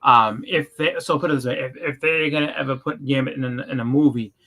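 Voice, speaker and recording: Bright-voiced man chatting. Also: mid-range voice, fast. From Boston. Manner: loose, filler-heavy storytelling. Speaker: podcast co-host. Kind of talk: casual chat.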